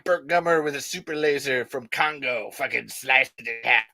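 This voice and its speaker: An excited vlogger, gasping and rambling while unboxing collectibles. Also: medium pitch, moderate pace, few pauses. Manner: giddy, gasping, swearing, rambling.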